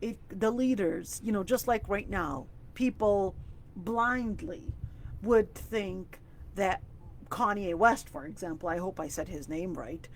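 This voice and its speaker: A woman teaching an online Quran exegesis class. She explains each word carefully and recites the Arabic passages quickly and with emphasis. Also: mid-range voice, a little hiss or hum. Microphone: video call.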